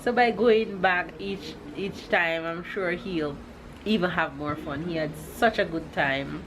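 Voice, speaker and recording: Slow-talking Jamaican woman vlogger. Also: fairly low pitch. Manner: laughs often, slow deliberate pronunciation. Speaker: vlogger host. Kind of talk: casual vlog chat. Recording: noisy ambient background.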